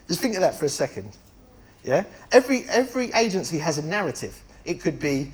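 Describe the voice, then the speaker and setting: A middle-aged man giving an energetic, blunt talk to members of his network, swearing casually and making chatty asides. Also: a little high, a little fast. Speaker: estate agency network founder speaking to members. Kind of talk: conference talk.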